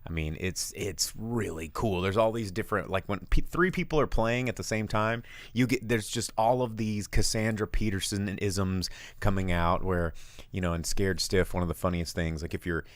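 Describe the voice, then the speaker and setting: Low-voiced animated man, dry sound. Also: normal speed, dry recording. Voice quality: big booming voice when yelling. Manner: animated, rambling storyteller. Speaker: podcast co-host and bar owner. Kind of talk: casual live-show chat.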